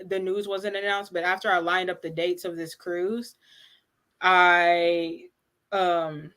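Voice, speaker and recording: Livestream co-host, a woman, chatty and excitable, average pitch. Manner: chatty and excitable, lots of fillers. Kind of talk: casual live watch-party chat.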